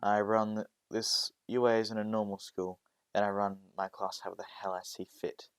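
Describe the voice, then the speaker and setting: A weary, stern teacher, played by a male narrator, blunt and strict with his class. His voice sits low, in a homemade fan story. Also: level tone, moderate pace, clean tone, no room sound, natural voice. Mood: annoyed.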